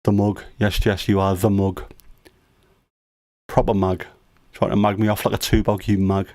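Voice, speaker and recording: Teasing low-voiced dad. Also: male voice, level tone, normal speed, warm tone, dry recording. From United Kingdom. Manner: teasing, jokey dad humor. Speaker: livestream host. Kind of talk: casual livestream chat.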